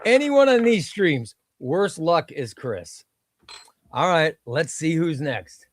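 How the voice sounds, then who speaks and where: Slow and very animated, this slightly high male voice belongs to a comic book livestream host. In a casual, chatty way he talks with viewers and calls out each name eliminated from the giveaway wheel, exclaiming every time.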